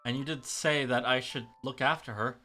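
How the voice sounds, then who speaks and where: A man's voice: mid-range voice, fairly even intonation, moderate pace, bright, forceful tone, faint music behind, natural voice. A man voicing a nervous young boy who has been caught lying and pleads with his mother.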